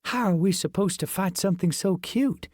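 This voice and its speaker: A man voicing a jumpy, sarcastic young male rogue who talks in quick, wisecracking bursts. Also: sits high, darkish tone, no room sound, studio quality, pitched above the performer's own voice. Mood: incredulous.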